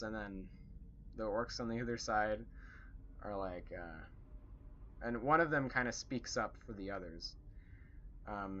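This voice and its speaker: A man's voice: on the low side, moderate pace, long pauses, fairly bright tone, lo-fi sound, slight background noise. A young man recapping a tabletop game session as its game master, rambling with fillers and self-corrections.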